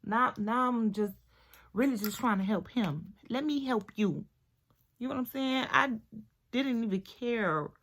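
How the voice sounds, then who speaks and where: A young woman vlogger chatting through a storytime while doing her hair, animated and talkative, sometimes dropping to a hushed voice. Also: on the high side, measured pace. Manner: animated, chatty, drops to near-whisper at times.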